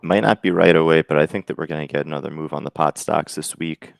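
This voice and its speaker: A very deep, gravelly male voice recorded dry and close. He hosts a live trading show in a loose, easygoing, chatty way. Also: fast talker, no echo. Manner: relaxed, conversational, lots of fillers. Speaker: day trading show host. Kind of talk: casual live trading chat.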